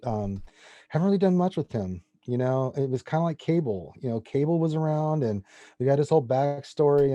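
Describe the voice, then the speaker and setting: Forties male guest, casual and rambling, warm mellow timbre, dry close sound. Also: mid-range voice, no echo, highs cut off. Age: 40s. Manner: enthusiastic comic-book fan, rambling. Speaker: podcast guest. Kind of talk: casual chat.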